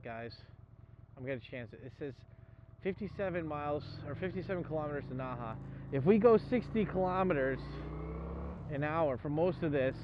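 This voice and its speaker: Young man, slightly high voice, rambling profane banter, motorcycle ride, muffled sound, loud road noise. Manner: rambling, profane, joking to viewers. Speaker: motorcycle travel vlogger. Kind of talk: casual riding commentary. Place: outdoors on a moving motorcycle.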